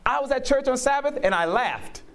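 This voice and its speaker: Animated high-voiced male preacher. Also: fairly quick. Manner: animated storyteller who acts out quotes; laughs often while telling stories. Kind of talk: testimony in conversation.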